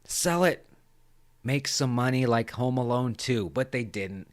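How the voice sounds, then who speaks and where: A man's voice: medium pitch, measured pace, no echo. A man hosting a podcast, recapping a movie scene in a casual, rambling way with lots of swearing. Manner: animated, profane, rambling. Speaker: podcast host.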